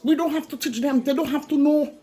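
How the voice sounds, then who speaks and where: A woman's voice: high-pitched, steady tone, fairly quick, mellow. A woman with a Saint Lucian accent ranting bluntly in a casual vlog, repeating herself for emphasis. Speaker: vlogger.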